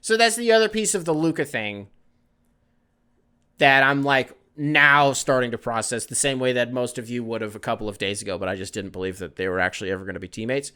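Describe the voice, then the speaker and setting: A man hosting a solo sports podcast, ranting in an animated, exasperated way and swearing freely. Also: medium pitch, fairly quick, clear, resonant tone. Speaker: podcast host.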